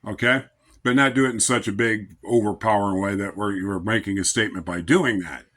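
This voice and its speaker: A man giving an informal devotional talk as a Christian lay speaker, in a calm, measured, conversational way. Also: on the low side.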